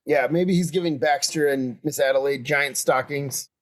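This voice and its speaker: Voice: medium pitch, moderate pace. A co-host in casual chat, tossing in laughing asides. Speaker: podcast co-host.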